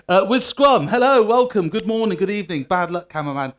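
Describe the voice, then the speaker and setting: A man's voice: high-pitched, lively intonation, a little fast, few pauses, a bit bright. A man in his forties with a Bristol West Country accent, giving a jokey, self-mocking conference talk on stage and drawing the audience into call-and-response. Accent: West Country English (Bristol). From Bristol, West Country of England. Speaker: conference speaker, agile coach.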